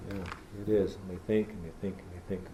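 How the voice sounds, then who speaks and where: In an echoey university lecture hall with slight noise, a middle-aged man delivers a public talk full of folksy anecdotes, including impressions of how he addresses children. His voice sits low, and he speaks fast with a flat delivery.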